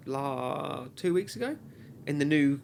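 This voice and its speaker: A man's voice: on the high side, expressive, unhurried, vocal fry, a little mellow, a little hiss or hum. A man hosting a casual chat, easygoing and a little hesitant, often trailing off mid-thought. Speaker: podcast host.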